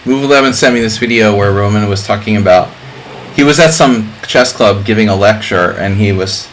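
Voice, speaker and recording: A man's voice: lowish voice, brisk, fairly bright tone, slight background noise, rough recording. A middle-aged man streaming chess, chatting casually in a rambling way with lots of fillers. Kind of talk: casual live-stream chat.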